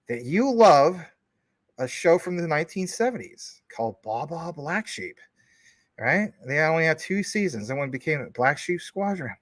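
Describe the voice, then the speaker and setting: A man's voice: a little high, sing-song, unhurried, long pauses, no echo, clean studio sound. A man hosting a live stream from his couch at home, chatting casually with viewers in a rambling, jokey way and teasing commenters. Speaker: livestream host.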